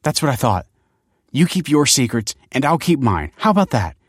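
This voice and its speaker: A man's voice: medium pitch, sing-song, normal speed, slightly rough, no echo, clean studio sound, pitched above the performer's own voice. A man voicing a tense, secretive mother who snaps curt retorts. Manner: snappy, clipped retorts.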